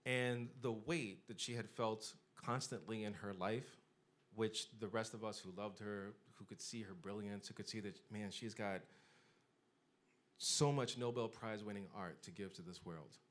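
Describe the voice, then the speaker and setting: A man's voice: lowish voice, steady tone, unhurried, fairly bright tone. A middle-aged man giving an impassioned public lecture, building rhetorical lists with emphatic rises. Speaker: speaker giving a talk.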